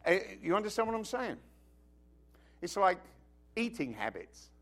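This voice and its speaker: A British man delivers a sermon in a high-pitched voice that swoops through a wide, lively range. He is emphatic, mixing jokes into his preaching, and keeps checking in with the congregation. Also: measured pace. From Britain. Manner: emphatic, joking, asks the congregation questions. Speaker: pastor.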